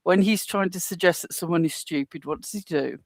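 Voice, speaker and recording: A woman's voice: on the low side, a little fast, no room sound. A woman co-hosting a casual chat, dry and joking with mock outrage, laughing often. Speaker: co-host.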